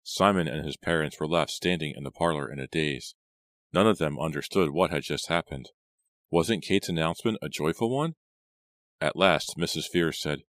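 A man narrating an audiobook in a measured, even storytelling manner. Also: a bass voice, no room sound, clean studio sound. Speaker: audiobook reader.

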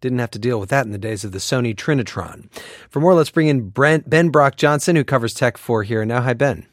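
A man's voice: medium pitch, fairly quick, no echo. A man radio news host introduces the next segment in a wry, conversational tone. His voice sits in the middle range. The studio sound is dry and close. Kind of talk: radio hosting.

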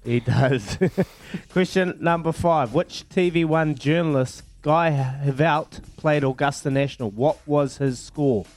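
A man hosting a breakfast radio quiz, playful and quick to laugh. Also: fairly high pitch, a little mellow. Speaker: radio show host.

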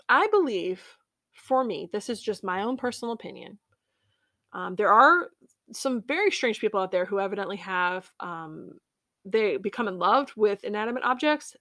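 A woman hosting a podcast, sharing a personal faith reflection in an earnest, heartfelt way, with pauses and fillers. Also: fairly high pitch, expressive, pushed and bright, no room sound, clean studio sound. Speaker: podcast host.

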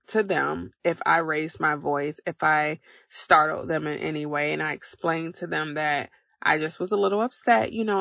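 A woman with a gravelly, fry-tinged voice talks her podcast listeners through simple steps in an encouraging, coaching way. The sound is dry and close, with a slightly dull, lo-fi tone. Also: fairly low pitch, a bit bright, no echo. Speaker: podcast host. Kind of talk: motivational podcast talk.

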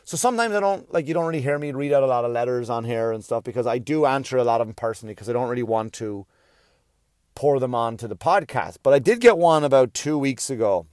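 A man's voice: mid-range voice, animated, quick pace, a little mellow, no room sound. Guy rambling on his podcast, swears a lot, kinda self-deprecating, dry close mic sound. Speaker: podcast host. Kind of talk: casual podcast monologue.

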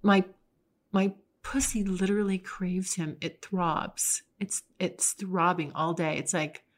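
A woman's voice: on the low side, fairly even intonation, slow pace. A young adult woman hosting a podcast, talking alone in a frank, chatty way with frequent restarts. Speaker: podcast host. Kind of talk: casual solo monologue.

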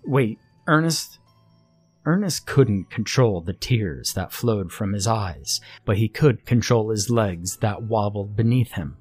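Male narrator for a scary story: slow, deliberate, ominous read, low pitch, soft music underneath. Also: slightly rough. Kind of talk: scripted horror story narration. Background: faint music.

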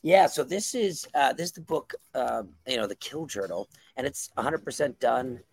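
A man's voice: mid-range voice, animated, moderate pace, creaky. A man being interviewed as a comic book writer, talking enthusiastically and rambling with many fillers. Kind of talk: casual interview talk.

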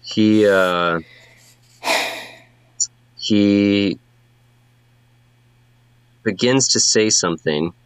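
A man narrating as game master in a halting way, with many fillers. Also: lowish voice, clean tone, no room sound.

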